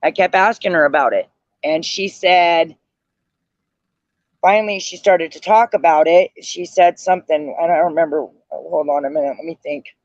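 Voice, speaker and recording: Tired man, high voice, rambling gossip retelling on a stream, with dull dry lo-fi audio. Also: normal speed, no room sound. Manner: rambling, circles back, retells quotes. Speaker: livestream panel guest. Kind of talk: casual gossip storytelling.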